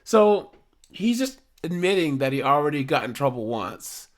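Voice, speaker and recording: A man's voice: a little high, big pitch swings, normal speed. A man hosting a casual true-crime commentary, talking in a loose, rambling way full of fillers.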